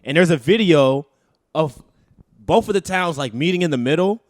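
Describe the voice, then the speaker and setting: Laid-back young man, slightly high voice. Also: animated, normal speed, no room sound, clean studio sound. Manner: laid-back, says "bro" a lot. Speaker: podcast co-host. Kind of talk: casual chat.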